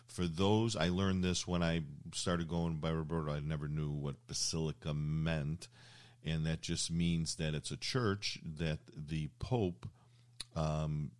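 A man's voice: a bass voice, steady tone, a little slow. An older man hosting a casual interview, telling rambling anecdotes with plenty of fillers and restarts. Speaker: show host.

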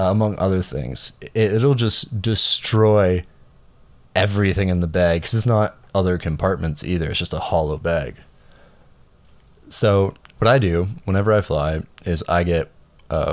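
A man's voice: low voice, a little mellow. A man telling a rambling story in casual chat, stammering and repeating words, his voice jumping up when he gets indignant. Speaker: traveler telling an airport story.

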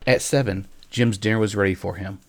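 Low-voiced man reading a story. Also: steady tone, brisk, no echo. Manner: gentle, addresses listeners directly. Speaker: reader. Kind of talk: storytelling narration.

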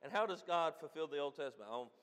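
A pastor preaching with a high voice, swinging between loud, emphatic declarations and quiet asides. His sermon rings with the long reverb of a large hall. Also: expressive, fast talker.

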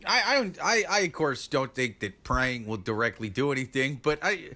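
A man's voice: medium pitch, lively intonation, normal speed, bright, forceful tone. A man, a comedian, talking in casual podcast chat, starting hesitantly with stammers and slipping into jokes. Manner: hesitant, stammering, then jokey.

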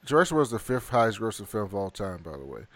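A man co-hosting a casual movie review chat, reading off a list and adding quick casual opinions. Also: lowish voice, big pitch swings, no room sound. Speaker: podcast co-host.

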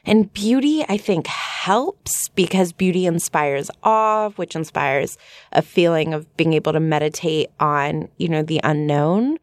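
A woman's voice: deep voice, unhurried, dry recording. Earnest female podcast co-host, dry sound. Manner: earnest, openly reflective. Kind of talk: casual reflective discussion.

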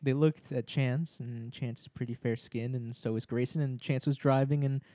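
A man's voice: medium pitch, fairly even intonation, normal speed, dark tone, no room sound. A young man telling a story in casual chat among friends, laughing often and acting out the people he quotes.

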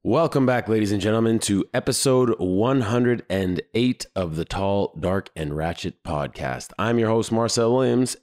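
Hoarse, lower-voiced male podcast host. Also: normal speed, few pauses. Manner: animated, profane storytelling. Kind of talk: casual podcast monologue.

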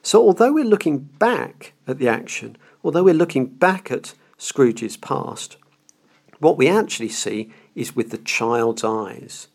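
A man's voice: mid-range voice, expressive, unhurried, vocal fry, a little mellow. A man hosting a podcast, lecturing about a classic novel in an earnest, emphatic way. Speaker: podcast host.

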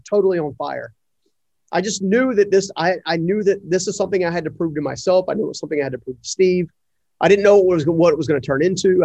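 A middle-aged man, an entrepreneur, telling a personal story in an interview, animated and full of fillers as he acts out the dialogue. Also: a little high, creaky, no room sound. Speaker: entrepreneur guest. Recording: dry, slightly muffled audio.

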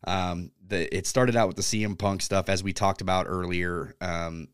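Podcast host, man, deep and smooth, laid-back rambling chat, dry close mic. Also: normal speed, no echo. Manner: relaxed, filler-heavy, swears casually. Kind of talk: casual wrestling chat.

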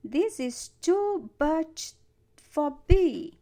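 A woman voicing a young male elephant who speaks through his nose in a high, pained voice. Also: very animated, extremely slow, dark tone, exaggerated voice.

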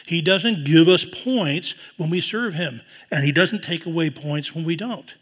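A man preaching a sermon, earnest, dropping to a hushed voice when he quotes tender words. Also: fairly high pitch, measured pace, husky. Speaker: pastor. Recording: long hall reverb.

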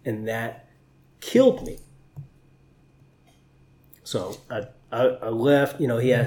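A man's voice: mid-range voice, unhurried, pauses often, dark tone. A man sits with an interviewer and talks through his stories in a candid, emotional way, swearing as he goes. His voice sits in the middle range for a man. The room around him gives it a roomy echo. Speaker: interview guest, Navy chief. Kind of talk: conversational storytelling.

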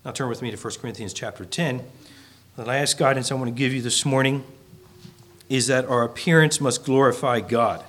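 A man delivering a sermon, reading scripture in measured phrases and pressing his points with rising intensity. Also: a bit bright. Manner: earnest, rises in pitch and volume when pressing a point. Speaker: preacher.

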